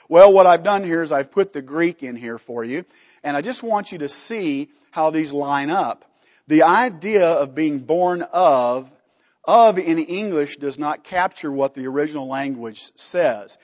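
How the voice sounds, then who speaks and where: A man's voice: a little high, animated, a little slow, a little mellow, in a large hall, muffled recording. A man teaching a Bible study from slides, emphatic, putting questions to the class and answering them himself.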